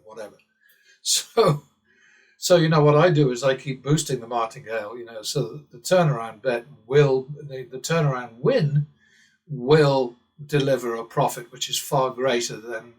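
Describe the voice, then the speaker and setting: An English man, recorded from a distance, speaks in a medium-pitched voice. Hosting his own channel, he delivers a rambling, sardonic monologue, drifting off topic and chuckling often.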